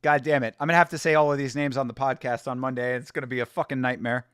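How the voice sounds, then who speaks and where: A man's voice: medium pitch, steady tone, racing, a bit bright, clean tone, no room sound, clean studio sound. Casual, cursing livestream host, man. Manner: loose, profane, joking, talking to chat. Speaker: watch-along host. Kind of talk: casual livestream chat reacting to fights.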